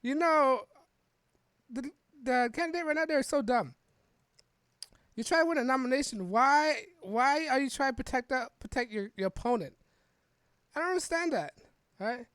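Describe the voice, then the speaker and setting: A woman's voice: high voice, no room sound. Rambling woman podcaster, dry close sound. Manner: rambling, frequent restarts and "right?" tags. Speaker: podcast host. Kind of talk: casual political commentary reading an article.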